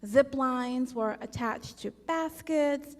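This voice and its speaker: Slow high-voiced woman telling a parable. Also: darkish tone. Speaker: worship leader. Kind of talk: parable storytelling in a service. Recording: long hall reverb.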